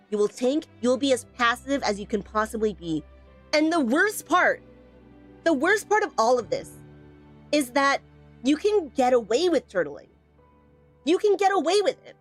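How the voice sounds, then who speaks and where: A woman's voice: fairly high pitch, lively intonation, normal speed, soft background music. A woman streaming a game tutorial, teasing and emphatic, repeating points and answering chat. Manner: playful, teasing, emphatic with repetition. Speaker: streamer teaching a game weapon. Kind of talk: live stream tutorial, chatting with viewers.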